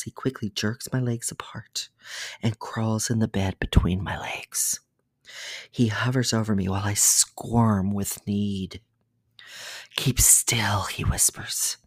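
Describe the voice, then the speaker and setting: A podcast storyteller giving a hushed whispered role-play reading of a bedtime story that often drops to a whisper, with small slips along the way. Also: medium pitch, breathy edge, no echo, studio quality.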